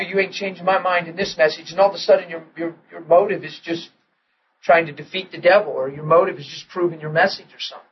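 A man preaching a sermon, telling a personal story with animated delivery and hushed, tender moments. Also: high-pitched, lo-fi sound, a little hiss or hum. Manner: animated storyteller who acts out quotes and drops to a hush in tender moments.

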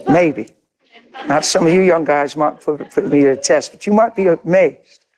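A man's voice: on the high side, moderate pace, darkish tone. Intense older preacher man, white-haired. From grew up in a city. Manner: intense, storytelling preacher with emphatic repetition. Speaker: pastor. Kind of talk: sermon.

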